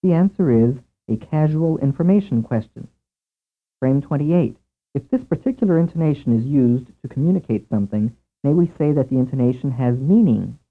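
A man narrating a scripted language lesson in a measured way, asking questions and then giving the answers. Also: medium pitch, animated. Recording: tinny lo-fi tape over a narrow band.

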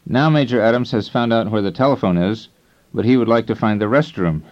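Calm male instructor on old tape. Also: on the low side. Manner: calm, measured teaching tone. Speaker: language course instructor. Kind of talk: scripted language lesson narration. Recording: dull lo-fi tape recording.

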